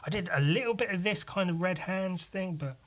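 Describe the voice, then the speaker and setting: A man with a slightly high voice talks through a casual solo podcast. He rambles along, swears freely and makes fun of himself. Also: brisk, fairly bright tone. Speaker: podcast host.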